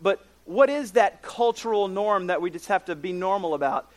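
High-voiced man preaching a lively sermon. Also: moderate pace. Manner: lively storytelling with jokes and asides. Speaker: pastor.

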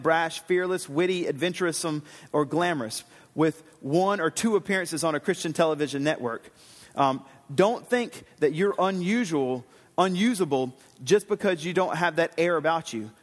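A pastor preaching a sermon in a casual, rambling way, with fillers and self-corrections. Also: male voice, a little high. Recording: long hall reverb.

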